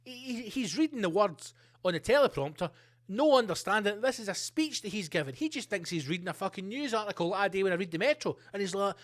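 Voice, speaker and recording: A man's voice: high-pitched, animated, fast talker. A man hosting his own podcast, ranting with plenty of swearing and jumping between tangents. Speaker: podcast host. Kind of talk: solo podcast rant.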